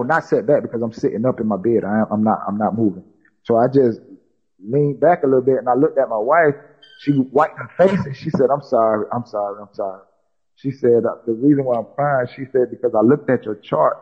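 A man's voice: mid-range voice, fairly quick, slightly rough, dull audio. A man from South Carolina, a podcast guest recounting a personal story and quoting others with many "she said" tags. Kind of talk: storytelling in conversation.

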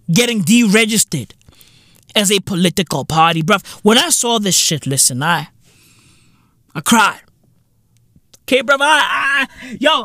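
A man's voice: extremely high pitch, bright, forceful tone, dry recording, clean studio sound. A man hosting a comedic solo podcast rant, profane and repetitive, full of "bruv" and "you feel me". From South Africa. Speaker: podcast host.

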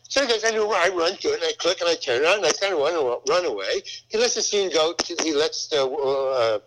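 Older comedian guest, rambling storyteller with a lively, bouncing voice. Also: male voice, a little high, fairly quick, rough recording. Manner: rambling storyteller, acts out voices in quotes, many restarts. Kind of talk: casual anecdote telling.

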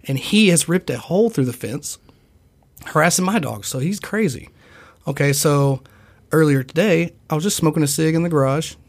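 A young man in casual podcast chat, telling a long, profane, rambling story and acting out other people's lines. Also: on the high side. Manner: acts out other people's voices in quotes.

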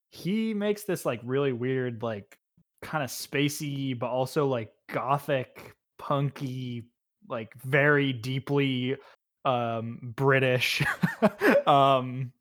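A man's voice: medium pitch, a bit bright. A man co-hosting a casual podcast, rambling through his thoughts and laughing often. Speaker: podcast co-host reviewing albums. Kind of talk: casual chat.

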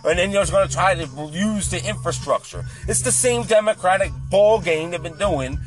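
A man's voice: high voice, expressive, normal speed. A man delivering a heated, profane political rant in a casual monologue. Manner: heated, profane, repetitive ranting. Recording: faint music behind.

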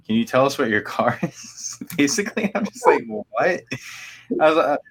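A man's voice: mid-range voice, big pitch swings, brisk, breathy edge. A young man in casual chat, laughing as he retells a phone call and acts out the voices. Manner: laughing, quotes callers in put-on voices. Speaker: podcast co-host.

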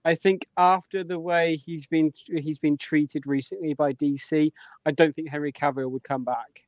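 A man's voice: on the high side, steady tone, normal speed, no echo, lo-fi sound. A British man co-hosting a podcast in casual chat, hesitant and repeating himself as he works through a point. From Britain. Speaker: podcast co-host.

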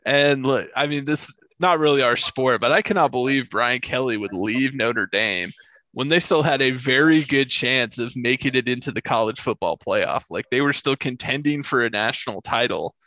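A man hosts a casual sports podcast, telling stories animatedly and laughing often. His voice is medium-pitched, his pace moderate, and there's no echo.

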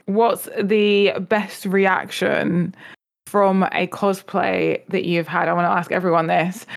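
A woman hosting a casual livestream panel with an upbeat manner. She puts questions to her guests and reads the chat aloud, with a gravelly, fry-tinged voice. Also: mid-range voice. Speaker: host.

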